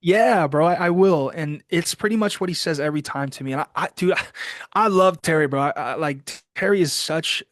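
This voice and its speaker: A man's voice: on the high side, fairly quick, fairly bright tone, dry recording, studio quality. A man in his thirties, a guest in a casual interview, enthusiastic and stumbling, saying "bro" and "dude" often. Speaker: interview guest, social media creator.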